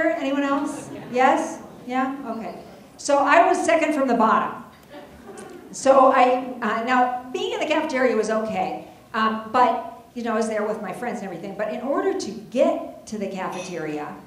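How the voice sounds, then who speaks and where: On stage before an audience, a middle-aged woman tells a comic personal story, chatty and self-deprecating with plenty of asides. Her voice sits at medium pitch. There's a little hiss or hum, and the hall is very echoey.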